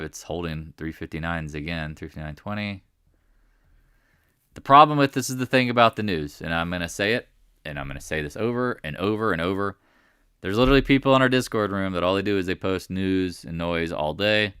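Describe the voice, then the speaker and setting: A man's voice: low voice, fairly bright tone, smooth, no room sound, clean studio sound. A man hosting a live market chat, talking casually and emphatically, repeating his points and rambling between thoughts. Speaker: stock market livestream host.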